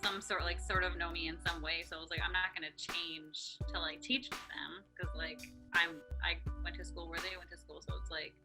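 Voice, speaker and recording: Low-voiced young woman, rambling chat. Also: little pitch movement, moderate pace, hardly any pauses, music in the background. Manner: rambling, heavy use of "like". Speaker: podcast co-host. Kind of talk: casual chat.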